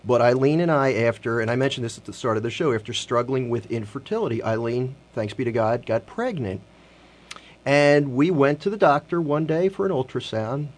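A man's voice: medium pitch, lively intonation. Earnest man hosting Catholic radio. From Philadelphia. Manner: earnest, slows down to read scripture softly. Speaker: radio host. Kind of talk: Catholic radio talk and scripture reading. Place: radio studio.

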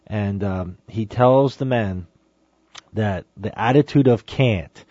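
A man's voice: medium pitch, a little slow, a little mellow, no room sound. A man giving an emphatic Catholic teaching talk on a saint's sermon, exhorting listeners and reading passages aloud. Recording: dry, dull lo-fi sound.

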